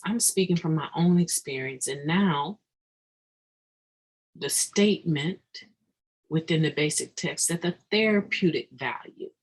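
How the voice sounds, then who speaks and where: A recovery speaker shares a daily meditation in a slow, gravelly, husky voice. The talk is earnest and halting, with frequent restarts and sudden emphatic pushes on key points. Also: medium pitch, low-quality recording.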